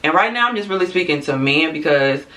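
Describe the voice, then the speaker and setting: A woman's voice: sits low, animated, fast, fairly bright tone, recorded from a distance. A woman vlogger giving a casual, blunt opinion rant straight to her audience, profane and candid, with frequent asides.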